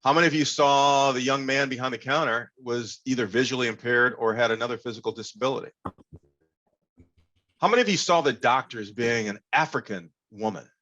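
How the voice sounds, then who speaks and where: Male workshop speaker on a video call, animated and engaging, medium voice, slightly muffled audio. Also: mid-range voice, a little fast. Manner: animated, engaging, leads audience call-and-response. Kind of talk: interactive online workshop talk.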